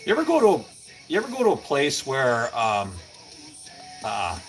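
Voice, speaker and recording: Man host, average pitch, rambling live-stream chatter from a cold garage, faint music underneath. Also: wildly swooping pitch, normal speed. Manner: rambling, chatty, greets viewers by name. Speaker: livestream host. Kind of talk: casual live-stream chat with viewers.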